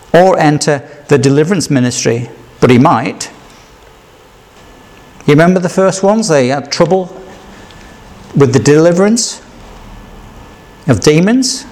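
A man preaches in an easy, conversational way, often pausing on rhetorical questions. His voice sits somewhat high for a man. He acts out the quoted lines with a bit of play. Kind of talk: sermon.

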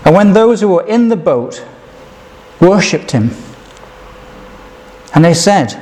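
A man's voice: sits high, sing-song, takes it slowly, long pauses, darkish tone. A man preaching a sermon, reading scripture aloud and putting questions to his listeners.

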